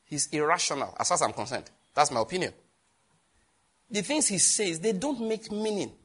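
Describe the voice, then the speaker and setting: A man preaching a sermon, lively, with laughter and questions thrown to the congregation. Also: on the high side, normal speed, breathy edge. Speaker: pastor.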